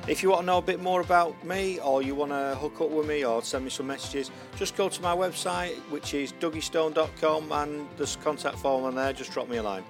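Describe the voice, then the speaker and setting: A man's voice: on the high side, brisk, few pauses, music in the background. A man hosting an online radio show, chatting casually with fillers and restarts. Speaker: podcast host.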